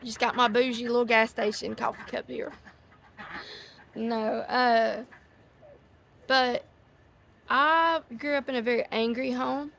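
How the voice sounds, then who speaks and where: A woman's voice: a little high, steady tone, takes it slowly, creaky, long pauses, a bit bright, a little hiss or hum. A middle-aged woman, hosting a casual outdoor chat to a live audience, rambling and easily sidetracked. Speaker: host. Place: outdoors near ducks. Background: ducks quacking.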